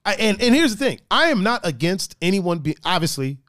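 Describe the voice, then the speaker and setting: A man's voice: high voice, big pitch swings, fairly quick, fairly bright tone. A man hosting a casual podcast chat, laughing often and slipping into playful voices. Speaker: podcast host.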